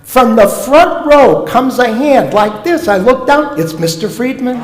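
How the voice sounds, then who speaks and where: A man's voice: very high voice, unhurried, very noisy. A man from Omaha speaking as a guest speaker in a synagogue, telling comic stories with punchlines in a sermon-style talk. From Omaha, United States. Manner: animated, comic storytelling with punchlines. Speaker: guest speaker, professor of Jewish education. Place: synagogue sanctuary. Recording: echoey hall with long reverb.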